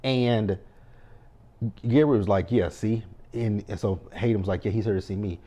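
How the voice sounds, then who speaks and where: Low, mellow-voiced man recapping a TV episode. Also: moderate pace. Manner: blunt, profane running commentary; talks back to the characters. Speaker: TV show recapper.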